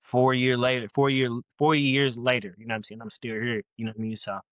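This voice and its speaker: A man's voice: medium pitch, flat delivery, fast, fairly bright tone, dry recording. A young man from Louisville, Kentucky, a guest rapper in a casual podcast interview, talking in a rambling, slangy, laid-back way.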